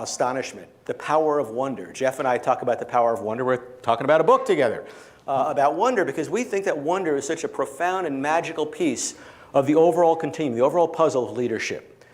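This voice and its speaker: A man with a fairly high voice delivers a keynote mixed with magic to a small crowd. He tells stories playfully and draws the audience in through participation.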